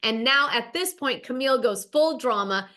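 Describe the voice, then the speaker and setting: A woman host chatting about reality TV in an animated, gossipy way, talking straight to her viewers. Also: on the high side, normal speed. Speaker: podcast host. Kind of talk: casual gossip recap.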